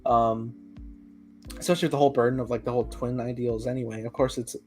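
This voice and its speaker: Excitable young man reviewing a show. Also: mid-range voice, fast talker, soft background music. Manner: excitable, recounts scenes and acts out lines. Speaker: podcast host. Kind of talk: casual fan review chat.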